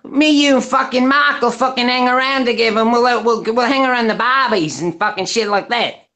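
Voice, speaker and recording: A man's voice: very high voice, a little fast, bright, forceful tone, pitched above the performer's own voice. A man putting on a mock Australian accent, brash and cursing. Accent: put-on Australian.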